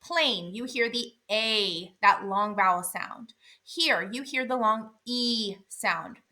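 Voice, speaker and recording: Female phonics teacher, higher-pitched and bright, clear and deliberate delivery. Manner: clear, deliberate, sounds out letters. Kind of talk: instructional explanation.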